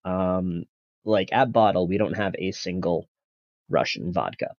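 A man's voice: deep voice, fairly even intonation, measured pace, no room sound, muffled recording. A man, a bar manager guest on a podcast, talking bluntly and sarcastically with some profanity. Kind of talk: casual podcast chat.

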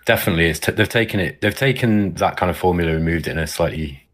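A man co-hosting a gaming podcast in a casual chat, speaking in a thoughtful, measured way and often correcting himself mid-sentence. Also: deep voice, a bit bright. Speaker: podcast co-host.

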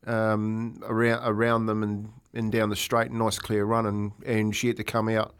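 Speaking smoothly in a low monotone at normal speed, a Kiwi racehorse owner who's a regular on the radio spins a long, casual story. He uses lots of fillers and keeps restarting.

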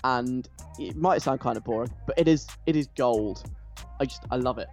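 A man's voice: medium pitch, moderate pace, soft background music. A man chatting enthusiastically and gushing about a show he loves, restarting his sentences often. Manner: animated, gushing, with frequent restarts. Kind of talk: casual enthusiastic chat.

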